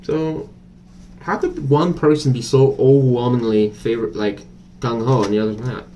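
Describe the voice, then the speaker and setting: A man's voice: mid-range voice, fairly even intonation, moderate pace, dark tone, a little hiss or hum. A man doing a casual tarot reading to camera, chatty and blunt, thinking aloud with many fillers. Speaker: tarot reader.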